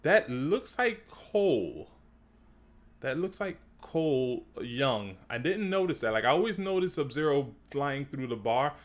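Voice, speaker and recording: A man talking through a movie trailer in a loose, slangy way, repeating and restarting his phrases. He gets louder and higher when something bugs him, and his voice sits at an ordinary middle pitch otherwise. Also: very animated, unhurried. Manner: gets worked up and rises in pitch when ranting. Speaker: video creator breaking down a movie trailer. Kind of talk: casual trailer-breakdown commentary.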